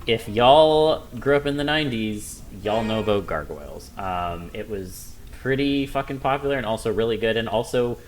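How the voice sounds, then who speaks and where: A man's voice: fairly low pitch, expressive, moderate pace, few pauses, rough recording. A man hosting a podcast, laid-back and chatty, steering the talk with questions and short interjections. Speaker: podcast host. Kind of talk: casual chat.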